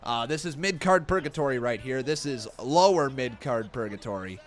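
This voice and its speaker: A man hosting a live wrestling watch-along, giving excitable, swear-laden reaction commentary and talking to his chat. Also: mid-range voice, moderate pace, soft background music. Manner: excitable, swears casually, chats to viewers.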